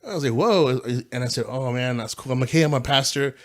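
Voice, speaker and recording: A man who is a pastor, telling stories in a casual podcast chat, slangy and animated, saying "bro" and "dude". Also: medium pitch, fast talker.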